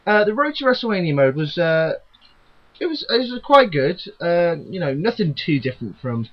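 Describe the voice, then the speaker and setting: A man's voice: sits high, sing-song, moderate pace, dull audio. A young man co-hosting a podcast, chatting casually and laughing a lot through jokey banter. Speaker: podcast co-host. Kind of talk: casual chat.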